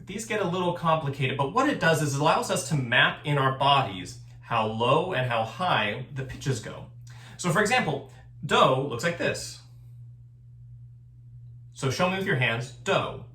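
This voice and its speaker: A man's voice: on the high side, lively intonation, normal speed, bright, forceful tone, echoey room. A man teaching a recorded choir lesson, explaining things patiently and step by step. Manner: patient, step-by-step instruction with sung examples.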